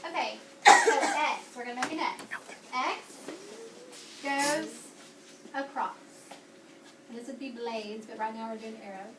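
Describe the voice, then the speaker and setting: High-voiced teacher in echoey classroom. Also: female voice, steady tone, a little slow, long pauses, recorded from a distance, heavy background noise. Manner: upbeat, coaxing, repeats key words. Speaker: elementary school teacher. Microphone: far camera.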